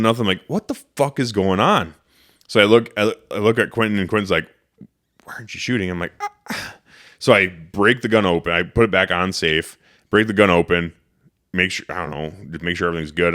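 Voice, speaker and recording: A man hosting a podcast, telling a story casually and animatedly, swearing and acting out what he said. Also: deep voice. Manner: animated, profane, acts out his own quotes. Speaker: podcast host.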